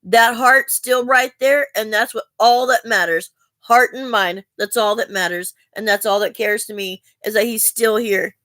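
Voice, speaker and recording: A woman's voice: a little high, normal speed, sharp tone, no room sound. A woman, talking earnestly and in a rambling, heartfelt way to her viewers, asking for help. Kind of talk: emotional personal talk to camera.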